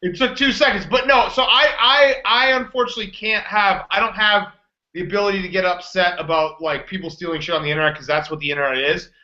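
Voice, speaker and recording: Bright-voiced man arguing, roomy dull sound. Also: high voice, fairly even intonation, fast talker. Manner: argumentative, exasperated storytelling. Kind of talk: casual sports-blog banter.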